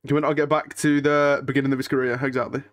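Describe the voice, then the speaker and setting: A man's voice: medium pitch, flat delivery, fast. A young man hosting a live watch-along, chatting casually to his viewers, restless and emotional, often sighing and muttering to himself. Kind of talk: casual live-stream chat, reading and answering chat.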